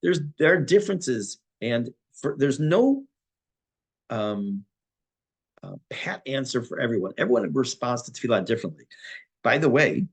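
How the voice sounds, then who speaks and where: A man's voice: mid-range voice, sing-song, moderate pace, gravelly, breathy edge. A man, a rabbi teaching a class on prayer, reading Hebrew texts and explaining them in plain, conversational English. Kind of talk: spoken Torah class on prayer.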